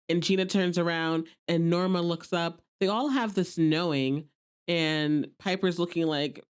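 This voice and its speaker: A woman's voice: on the low side, moderate pace, smooth. A woman hosting a podcast, chatting casually as she recaps an episode and quotes characters playfully.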